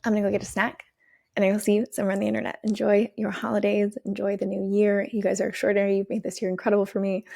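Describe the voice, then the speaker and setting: Woman, gravelly voice, dry close mic, energetic podcast pep talk, swears freely. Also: mid-range voice, racing, dry recording. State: out of breath. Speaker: podcast host and business coach. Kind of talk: solo podcast monologue.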